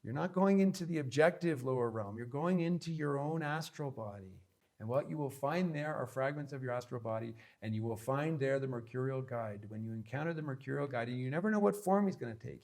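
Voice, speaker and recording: A man's voice: medium pitch, a little mellow. A man giving an instructional talk on spiritual practice, earnest and emphatic, with many repeated phrases. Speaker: spiritual teacher.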